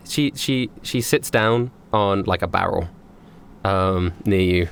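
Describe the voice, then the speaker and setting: A man narrating as game master, animated and quick to laugh. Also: sits low, gravelly, a little hiss or hum.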